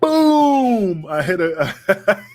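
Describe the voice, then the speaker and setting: A man's voice: high-pitched, drawn-out words. A middle-aged man, a wrestler guest swapping loose, profane road stories and acting out the people in them. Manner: animated, acts out quoted voices, swears freely. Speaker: podcast guest, pro wrestler. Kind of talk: casual storytelling chat.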